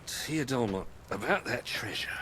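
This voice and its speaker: A swaggering pirate captain from a game, theatrical and slurring. His pitch swoops up and down in lively arcs. Faint noise sits underneath. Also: moderate pace. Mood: scheming. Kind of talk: game character dialogue.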